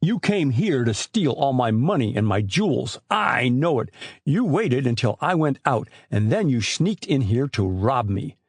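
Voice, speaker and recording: A man voicing a raging, suspicious old sea captain who bellows and shouts accusations, in an audiobook. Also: mid-range voice, very animated, unhurried, slightly rough, no echo, studio quality, exaggerated voice. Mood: angry, accusing.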